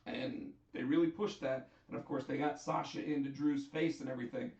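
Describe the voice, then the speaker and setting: A man hosting a casual wrestling chat on a live stream, chatty and animated as he tells what happened. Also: medium pitch, a little fast. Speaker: host. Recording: echoey, distant, dull sound.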